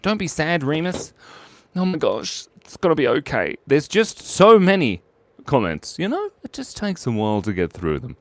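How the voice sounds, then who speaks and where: A man's voice: huge pitch swings, moderate pace. A man streaming live as he draws viewers' requests, playful and giggly, reading chat messages aloud. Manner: swoops from squeaky highs to low mumbles.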